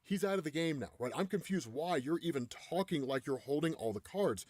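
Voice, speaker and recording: Animated man recapping a comic story. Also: fairly high pitch, fairly quick, no room sound. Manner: animated, keeps asking "right?". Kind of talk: casual retelling of a comic story.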